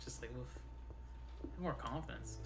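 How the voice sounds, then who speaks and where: A man's voice: mid-range voice, moderate pace, gravelly, noisy background. A man hosting a live game stream, laid-back and rambling, swearing freely in casual chat. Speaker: host playing games on a live stream.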